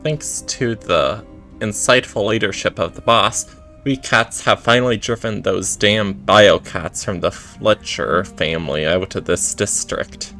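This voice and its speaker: A man doing a boastful gossiping mafia cat, low and gravelly. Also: unhurried, bright, forceful tone, soft background music.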